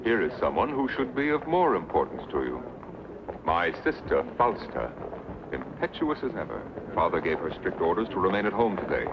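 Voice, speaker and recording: A scheming Roman prefect with a low voice whose pitch swings up and down as he talks suavely. He turns cold when he gives orders. The old film audio is dull with steady hiss. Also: normal speed, vocal fry, exaggerated voice. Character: scheming Roman prince, smooth and ambitious. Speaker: prefect of the Praetorium. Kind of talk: 1960s film dub.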